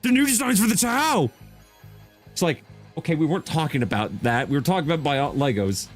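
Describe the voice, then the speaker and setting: Excitable rambling young-sounding man. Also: fairly high pitch, fairly quick, faint music behind. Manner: enthusiastic, rambling, restarts often. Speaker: VTuber streamer. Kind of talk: casual chat stream.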